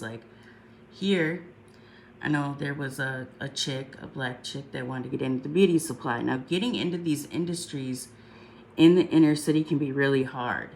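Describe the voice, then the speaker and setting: A woman's voice: extremely low pitch, a little mellow, a little hiss or hum. A congested woman talking casually on a livestream, rambling and chatty, often saying "um" and asking "right?" along the way.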